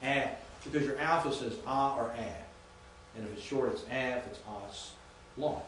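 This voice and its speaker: A man teaching a class, speaking haltingly, repeating words and quizzing students as he goes. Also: medium pitch, a bit bright, slight background noise. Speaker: Greek teacher. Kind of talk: classroom lecture. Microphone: distant room mic. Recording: echoey classroom from far off.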